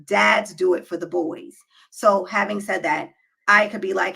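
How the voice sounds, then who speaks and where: A woman's voice: mid-range voice, steady tone, unhurried, vocal fry, sharp tone, husky, poor audio. A woman talking straight to her viewers with relationship advice, emphatic and preachy, often checking in with "okay?" and "right?". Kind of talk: direct-to-camera advice talk.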